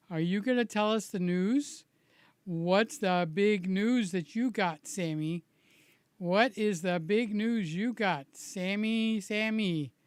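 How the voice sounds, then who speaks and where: Slow, rambling man, slightly hoarse. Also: sits high, no echo. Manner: slow, rambling and friendly, greets viewers by name. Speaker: vlogger chatting with live viewers. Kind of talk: casual live-stream chat.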